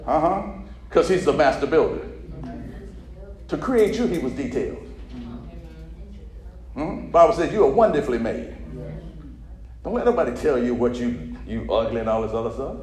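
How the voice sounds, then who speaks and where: A man preaching a sermon who keeps prompting his listeners to repeat after him and checks that they follow. His delivery swings from low murmurs to loud, shouted preaching. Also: expressive, normal speed, long pauses. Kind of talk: sermon with call-and-response. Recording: echoey hall.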